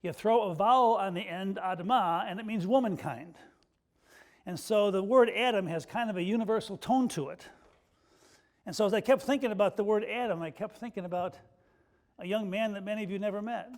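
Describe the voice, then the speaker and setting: A male pastor delivering a sermon with folksy, self-deprecating storytelling, dropping soft and slow at emotional moments. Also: sits high.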